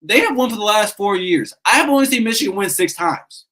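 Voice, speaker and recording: A man's voice: sits high, animated, a little fast, pushed and bright, low-quality recording. A man in his thirties hosting a casual sports call-in show, ranting with passion, swearing and restarting his sentences. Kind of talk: casual fan talk show.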